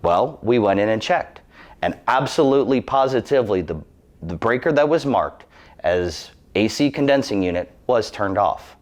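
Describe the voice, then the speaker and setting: Low-pitched man in his thirties, earnest and cautionary, sharing a personal safety story. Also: animated, moderate pace. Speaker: employee giving a safety testimonial.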